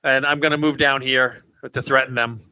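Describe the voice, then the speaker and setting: A man's voice: mid-range voice, steady tone, moderate pace, bright, forceful tone, clean tone, low-quality recording. A man playing a tabletop game, brash and joking with the others. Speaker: player.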